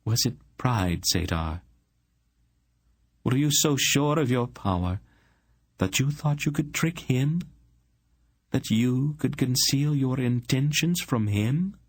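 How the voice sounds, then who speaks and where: A man reading the part of a commanding sorceress in an audiobook, speaking in a sharp, questioning way. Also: medium pitch, lively intonation, takes it slowly, pauses often, voice pushed up. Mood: searching. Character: commanding woman sorceress, proud and fierce.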